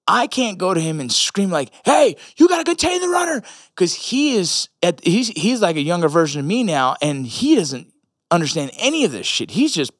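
A man's voice: a little high, fairly bright tone, no echo, studio quality. A man, a military veteran and father, talking casually in a blunt, profane way with rambling asides. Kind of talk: casual monologue.

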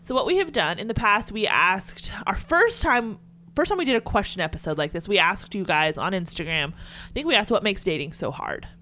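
Southern young woman co-host, animated pitch, playful chatty podcast talk, faint hum. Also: fairly quick. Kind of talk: casual chat.

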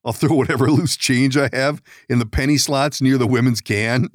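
A man's voice: medium pitch, fairly even intonation, normal speed, no echo, studio quality. A man hosting a podcast, telling rambling stories in casual chat, laughing often and swearing. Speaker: podcast host.

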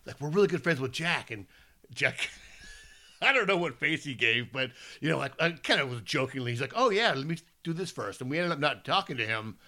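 Bright-voiced fifty-year-old man, chatty. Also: mid-range voice, fairly quick. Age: 50s. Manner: animated storytelling, rambling with restarts. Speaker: podcast co-host. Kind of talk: casual chat.

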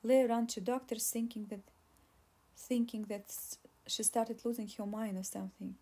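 A woman's voice: on the high side, steady tone, normal speed, mellow, husky. A woman narrating an audiobook, with frequent restarts.

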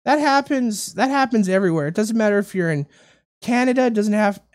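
A man hosting a casual talk show, telling a story in a rambling, animated way and repeating his words. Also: sits high, fairly quick. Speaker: radio show host. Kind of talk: casual podcast chat, storytelling.

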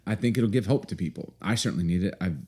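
Male pastor in his forties, very low and mellow voice, earnest and unhurried podcast talk. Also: husky. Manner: earnest, unhurried, many fillers and restarts. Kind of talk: casual podcast talk and scripture reading.

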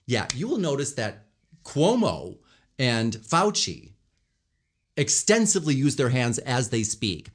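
A man's voice: medium pitch, slow pace, slightly rough. A man talking as a communication coach, explaining body language and vocal melody and acting out different tones as examples. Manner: animated, demonstrates tones and gestures while explaining. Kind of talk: instructional commentary on speaking.

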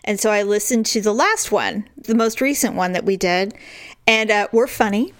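A woman's voice: medium pitch, moderate pace, no room sound, studio quality. Frank, laughing woman podcast co-host. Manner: frank, animated storytelling with bursts of laughter. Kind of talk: casual comedic chat.

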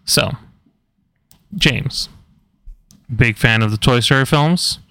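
A man's voice: mid-range voice, bright, forceful tone, no room sound. A man co-hosting a movie podcast, reading a film's details in a matter-of-fact way. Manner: matter-of-fact, reads credits briskly. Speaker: podcast co-host. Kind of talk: casual movie review chat, reading a synopsis.

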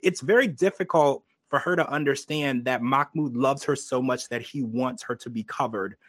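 A man hosting a podcast, chatting casually and giving his opinions while quoting people in quick asides. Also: mid-range voice, fairly bright tone, no echo. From United States. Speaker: podcast host. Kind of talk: casual recap chat.

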